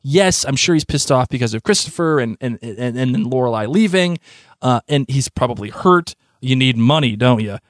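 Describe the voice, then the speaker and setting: Man, podcast co-host, casual animated chat, stumbles and restarts often, dry close sound. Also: medium pitch, normal speed, no echo.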